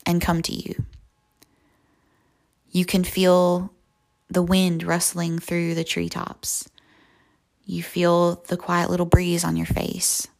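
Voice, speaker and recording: A young woman hosting a devotional podcast, slowly and softly guiding a visualization, sometimes dropping to a whisper. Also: lowish voice, creaky. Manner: slow, soft and reflective, often near a whisper. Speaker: podcast host. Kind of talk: guided visualization and devotional talk.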